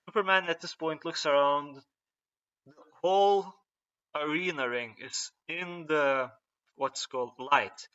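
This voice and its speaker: A man's voice: a little high, pushed and bright. A young man casually retelling a story, rambling and hesitant, with many fillers and restarts. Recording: dull lo-fi recording.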